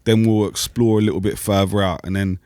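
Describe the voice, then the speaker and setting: A man co-hosts a podcast in loose, halting talk, restarting his sentences and swearing casually. His voice is low. The recording is dry and close to the mic. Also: level tone, dark tone, smooth, dry recording. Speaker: podcast co-host. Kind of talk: casual chat.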